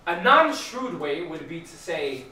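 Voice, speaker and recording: A man's voice: a little high, very animated, a little slow, pushed and bright, a little hiss or hum. A man teaching in an echoey church hall. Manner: conversational, asks the room questions. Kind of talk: casual Bible study teaching. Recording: echoey room, mic far off.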